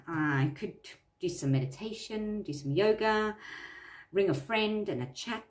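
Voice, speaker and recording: A woman with a fairly low voice talks earnestly through self-help steps and often repeats her phrases for emphasis. She sits a little back from the mic in an echoey room. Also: distant mic. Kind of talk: talking through a worksheet.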